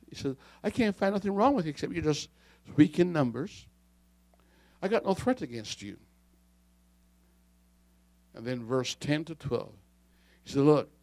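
A man preaching a fiery sermon, dropping to quiet asides and rising to shouts. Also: a little high, no echo.

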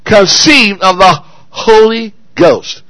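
A married man preaching a sermon, firing call-and-response questions at the congregation and swinging between loud exclamations and quiet asides. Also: high-pitched, lively intonation, takes it slowly, no room sound, poor audio. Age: adult, married.

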